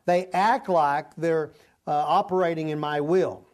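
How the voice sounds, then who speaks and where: Guy teaching bible study, kinda high voice, loose and rambly, lots of restarts. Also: fairly even intonation, unhurried. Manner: informal, rambling with frequent restarts and fillers.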